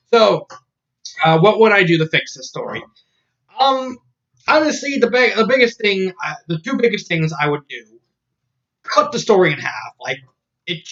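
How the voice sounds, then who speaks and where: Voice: medium pitch, fairly bright tone, highs cut off. A fan-fiction reviewer talking casually, rambling and often restarting sentences, breaking into laughter.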